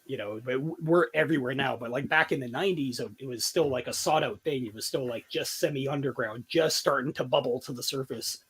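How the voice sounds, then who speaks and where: A man's voice: mid-range voice, fairly quick, few pauses, breathy edge. A man in his forties, a podcast host and tattoo artist, telling stories in casual chat and swearing freely. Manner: animated storyteller, swears freely.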